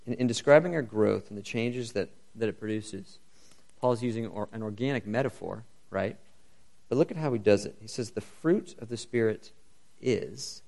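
A man preaches a sermon in a low, gravelly voice. He talks in a lively, conversational way. He presses his listeners with question after question. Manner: asks the congregation many rhetorical questions; earnest, lively, and conversational, addressing the crowd as "you guys".

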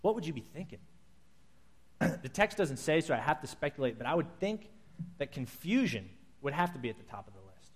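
A man preaching a sermon, telling a scripture story in vivid, animated detail and acting out its scenes. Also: fairly high pitch, brisk, breathy edge.

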